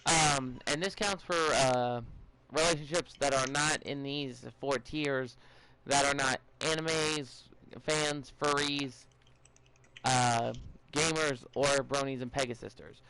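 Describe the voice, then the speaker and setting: A man's voice: mid-range voice, steady tone, takes it slowly, sharp tone, clear, resonant tone, rough recording. A young man hosting a casual podcast, rambling and giving advice with many fillers, restarts and stutters. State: a bit out of it, stuttering.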